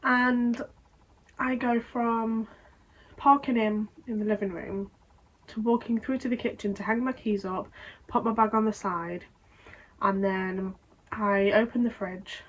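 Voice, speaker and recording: A young woman vlogging casually, retelling an upsetting event in a rambling, emotional way with quick restarts. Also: fairly high pitch, fairly even intonation, slight background noise, rough recording. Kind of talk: casual vlog storytelling.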